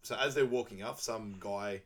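A young man co-hosting a podcast, chatting casually through a film recap, laughing often and quoting characters. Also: moderate pace. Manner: laughs often, quotes characters in high put-on voices. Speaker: podcast co-host.

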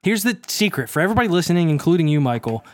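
A lively, giggly podcast co-host. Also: male voice, a little high, racing, no echo, clean studio sound. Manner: giggly, riffing, jumps into silly voices. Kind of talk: casual chat.

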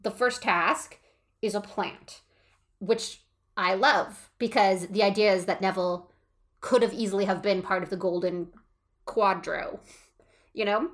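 A woman's voice: mid-range voice, unhurried, pauses often. A woman in casual conversation, enthusiastically talking through her ideas about a book, with lots of fillers. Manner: enthusiastic, analytical, many fillers. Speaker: podcast co-host.

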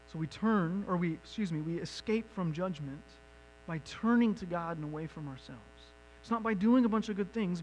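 A man with a high voice preaches a sermon as pastor. He shifts from soft, reflective lines to loud, pressing questions. A faint electrical hum sits under the recording. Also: poor audio. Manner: builds from quiet reflection to loud emphatic questions.

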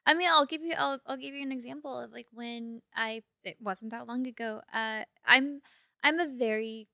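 A young woman chatting on a podcast in a bright, ringing voice that sits a little high. She talks in an animated, giggly way, full of "like" fillers, close to the mic in a dry room. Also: normal speed, creaky, no echo. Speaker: podcast co-host. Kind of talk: casual podcast chat.

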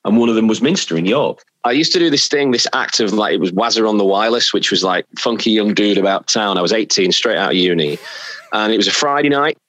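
A middle-aged English man, a radio presenter, chatting as a podcast guest and telling lively stories from his career. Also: on the low side, fast, no echo, rough recording. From England. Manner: chatty storyteller, animated anecdotes. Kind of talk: casual chat.

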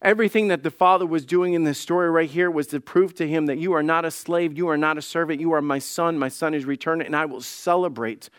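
A male lead pastor preaching a sermon with passion, swinging between soft pleading and loud declarations, and acting out the voices in the story he tells. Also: a little high, steady tone, a little fast, hardly any pauses, clear, resonant tone, no echo, clean studio sound. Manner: acts out quoted voices in his telling.

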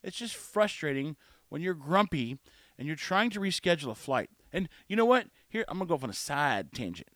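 A man's voice: fairly high pitch, big pitch swings, brisk, fairly bright tone, no echo, clean studio sound. A man ranting in a podcast monologue, getting worked up as he retells a frustrating day with quoted dialogue. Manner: exasperated, gets worked up; repetitive storytelling with quoted dialogue. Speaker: podcast host.

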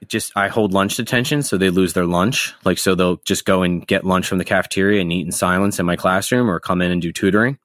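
A man co-hosting a podcast, talking in a relaxed, rambling way with many restarts. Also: low-pitched, a little fast, few pauses, no room sound, studio quality. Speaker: podcast co-host. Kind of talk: casual podcast chat.

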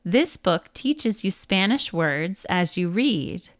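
A woman reads a children's book aloud at an unhurried pace, careful over each word. She stops to spell out unfamiliar names. The sound is close and dry, with no room echo. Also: lowish voice, expressive. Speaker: storyteller.

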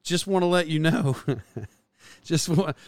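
A man's voice: a little high, measured pace, no echo. A man in his forties hosting his podcast, chatting in a rambling, self-deprecating way with lots of fillers and restarts. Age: 40s. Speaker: podcast host. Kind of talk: casual rambling monologue.

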